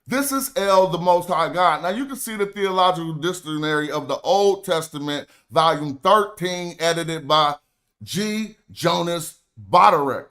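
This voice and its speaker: A man's voice: a little high, a little slow, pushed and bright. A young man hosting a stream, lecturing emphatically and reading aloud from his notes in an argumentative way. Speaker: stream host. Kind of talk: livestream lecture.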